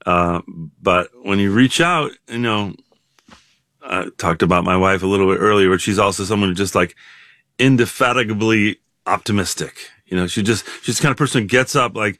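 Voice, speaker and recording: A man in his sixties, a guest in an interview, talking reflectively with many pauses, fillers and restarts. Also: fairly low pitch, a bit bright, no room sound, clean studio sound. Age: 60s.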